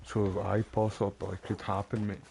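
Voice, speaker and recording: Chatty streamer, game noise behind. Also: male voice, on the low side, little pitch movement, moderate pace, vocal fry. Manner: rambling, chatty, swears freely. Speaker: gaming streamer. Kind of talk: casual commentary over gameplay.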